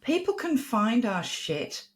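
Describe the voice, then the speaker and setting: A middle-aged woman talks frankly on a podcast, swearing freely and laughing often. Her pitch bounces around widely as she makes her points. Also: big pitch swings, slow pace. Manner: blunt, profane, laughing often. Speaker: podcast co-host. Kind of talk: casual podcast chat.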